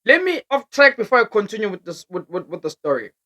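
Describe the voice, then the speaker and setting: A young South African woman recounts a story to her vlog audience with an accent that colors every phrase. Her voice sits at a middle pitch but swings widely as she acts out moments, often breaking into laughter and hopping between languages. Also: quick pace. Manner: animated, laughs often, code-switches mid-sentence. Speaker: vlogger.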